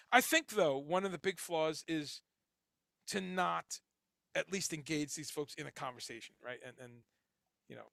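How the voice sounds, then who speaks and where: A man's voice: on the high side, vocal fry, bright, forceful tone, dry recording, clean studio sound. A middle-aged man who grew up in Chicago and the Caribbean, hosting a casual livestream, rambling and swearing as he reads chat comments aloud. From grew up in Chicago and Guyana, later New Jersey. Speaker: livestream host.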